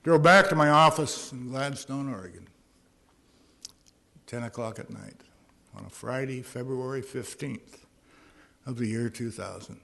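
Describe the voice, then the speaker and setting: A man's voice: medium pitch, a little slow, creaky, pauses often, fairly bright tone. A middle-aged man telling his personal recovery story from a podium, earnest and at times wry. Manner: earnest storytelling with dry humor. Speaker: recovery meeting speaker.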